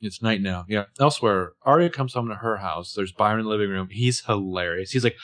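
A man's voice: fairly low pitch, a little fast, few pauses, fairly bright tone. A man co-hosting a casual recap podcast, narrating scenes with wry, joking asides. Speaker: podcast co-host recapping a TV episode. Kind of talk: casual chat.

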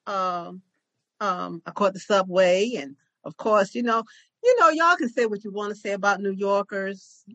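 Woman, podcast co-host, animated storyteller, dry recording. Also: medium pitch, normal speed, no room sound, muffled recording. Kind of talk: casual chat, storytelling.

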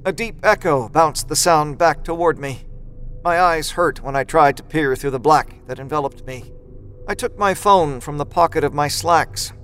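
Higher-voiced male horror narrator. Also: a bit bright, rough recording. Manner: measured, dramatic storytelling. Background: music score.

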